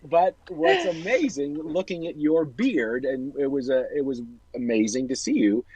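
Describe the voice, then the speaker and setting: A man's voice: on the high side, lively intonation, moderate pace, a little mellow, slightly rough, lo-fi sound. A man hosting a casual video-call chat, telling a long, rambling personal story with self-corrections. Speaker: host.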